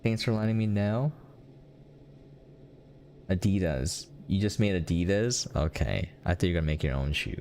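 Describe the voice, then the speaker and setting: Young american dude live streaming, deep voice, laughs a lot, just chatting. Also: male voice, normal speed, pauses often, a little mellow, a little hiss or hum. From United States. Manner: rambling, laughs often, talks to chat. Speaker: game streamer. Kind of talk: casual live-stream chat.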